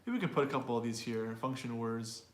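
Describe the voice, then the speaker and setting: A man's voice: mid-range voice, fast talker, reverberant. A man teaching an online English pronunciation class. He explains in a talkative way and often repeats or restarts words.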